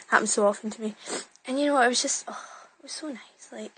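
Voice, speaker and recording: Speaking at a quick pace, a young vlogger with a fairly high, fairly bright voice tells a chatty, meandering tale from her bedroom. She fills it with "ums," restarts and corrections, and the phone audio is poor.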